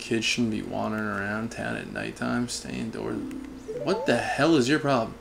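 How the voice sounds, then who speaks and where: A man's voice: mid-range voice, lively intonation, normal speed, gravelly, a bit bright, soft background music. A young man giving comedic, sarcastic commentary while playing a video game, talking back to the characters on screen. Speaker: gaming channel host. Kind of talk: comedic let's-play commentary.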